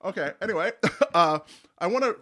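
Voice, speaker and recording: A man's voice: high-pitched, expressive, a little fast, bright, forceful tone. Upbeat middle-aged male podcast host. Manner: upbeat, chatty, laughs easily. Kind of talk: casual chat.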